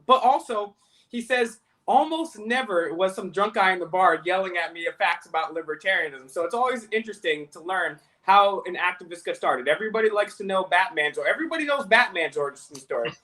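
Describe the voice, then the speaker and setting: Male host on a video call, high voice, bright and forceful, jumps in over the guest. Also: lively intonation. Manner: rapid, over-eager, interrupts often. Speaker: interview host. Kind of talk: casual interview chat.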